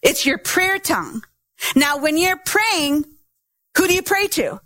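A woman's voice: very high-pitched, big pitch swings, measured pace, bright, forceful tone, no room sound. A middle-aged woman pastor preaching a sermon, teaching patiently and sounding out syllables to demonstrate.

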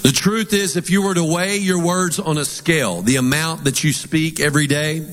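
A man's voice: on the high side, normal speed, a bit bright, in a large hall. A man preaching a sermon as pastor, with emphatic delivery and call-and-response lines for the congregation.

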